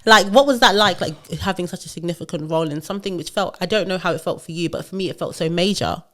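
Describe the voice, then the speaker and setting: A woman hosting an HR podcast, chatting with enthusiasm and lively asides. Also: on the low side, quick pace. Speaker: podcast host. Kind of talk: casual interview chat.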